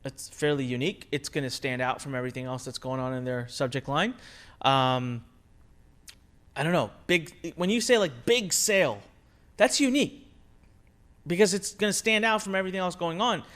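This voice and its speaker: Energetic man teaching a marketing lesson. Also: a little high, normal speed. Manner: energetic, conversational, emphatic with rhetorical questions. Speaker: online marketing instructor. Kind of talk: recorded course lesson.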